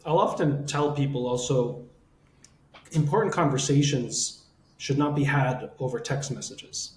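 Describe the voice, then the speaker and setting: A man's voice: medium pitch, measured pace, darkish tone, slight background noise. Reflective man host in an echoey room. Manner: reflective, explanatory. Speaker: podcast host, counselor. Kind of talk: measured podcast discussion. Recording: echoey room with faint ambience.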